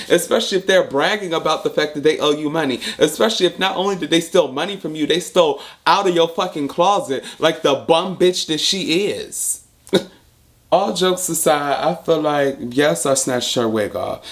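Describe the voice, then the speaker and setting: Man, storytime vlog, blunt and emphatic, profane, slightly high voice. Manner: repeats points for emphasis. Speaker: storyteller vlogger. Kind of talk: casual storytime monologue.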